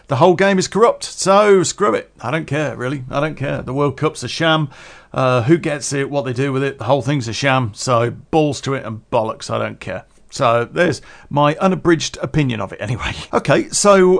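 A man hosting a solo podcast, rambling in casual chat, chuckling often and swearing freely. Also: mid-range voice. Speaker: podcast host.

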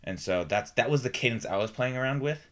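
A man's voice: mid-range voice, lively intonation, a little fast, a bit bright. A man co-hosting a podcast, chatting casually about a tabletop game, rambling with many restarts and filler words. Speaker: podcast co-host. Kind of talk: casual chat.

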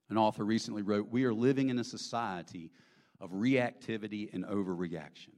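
A man with a Southern US accent preaching a sermon, folksy and conversational, swinging from loud emphasis to hushed whispers and asking the crowd questions. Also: medium pitch, animated, normal speed. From American South. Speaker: pastor.

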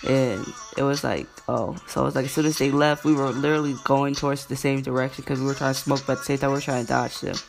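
A woman's voice: rumbling low, steady tone, fast talker, creaky, few pauses, soft background music. A young woman hosting a casual podcast, rambling through a story with heavy slang and swearing while she acts out what people said. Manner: rambling, profane and slangy, acting out quotes. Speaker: podcast host.

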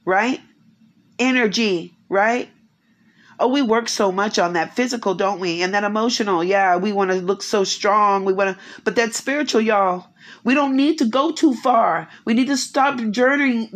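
A woman giving a spiritual encouragement talk at home, emphatic and repetitive, full of rhetorical questions. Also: medium pitch. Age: 50s. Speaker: faith speaker. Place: quiet home.

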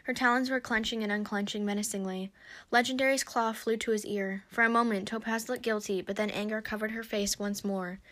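A woman narrating a story aloud in a steady storybook reading. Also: medium pitch, brisk.

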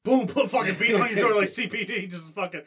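Man, high pitch, husky voice, profane banter, casual podcast chat. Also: fast talker. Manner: loud, profane, joking. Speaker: podcast co-host.

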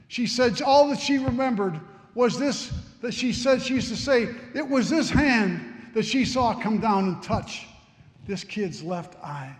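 A man preaching a sermon, telling a story dramatically and swinging between hushed and fervent delivery. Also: very high-pitched, expressive, slow pace. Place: church sanctuary. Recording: long reverb of a large church.

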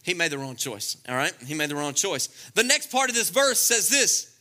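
A man delivers a comic sermon. His voice sits high and swings widely in pitch, with a very bright, sharp edge. He plays to the crowd and slips into funny voices for the scenes he retells. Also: very animated, normal speed. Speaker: pastor. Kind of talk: lively comedic sermon.

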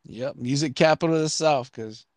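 A man's voice: on the high side, normal speed, a little mellow, no room sound. A man hosting a podcast in casual chat, joking and ranting with plenty of swearing. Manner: joking, profane, rambling rants. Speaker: podcast host.

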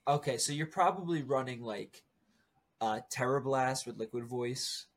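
A man co-hosting a podcast, talking in a relaxed, rambling way with many fillers. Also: medium pitch, normal speed. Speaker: podcast co-host. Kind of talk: casual chat about competitive game strategy.

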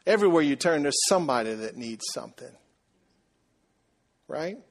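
Animated pastor preaching. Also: male voice, a little high, normal speed. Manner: animated, conversational, asks the congregation questions. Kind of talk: sermon with storytelling.

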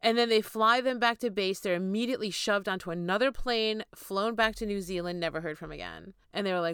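A woman co-hosts a podcast and retells a story in loose, casual chat. She swears freely and acts out what people said. Her voice is clear and smooth, recorded dry and close with no room sound. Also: medium pitch, quick pace, few pauses, fairly bright tone, no echo. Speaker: podcast co-host.

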